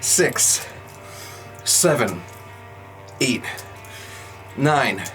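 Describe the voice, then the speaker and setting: A man's voice: mid-range voice, lively intonation, very slow, a bit bright, soft background music, rough recording. A young man streaming live, chatting playfully with viewers and counting out workout reps. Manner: playful, joking with chat, counting out exercise reps. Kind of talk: casual live-stream chat.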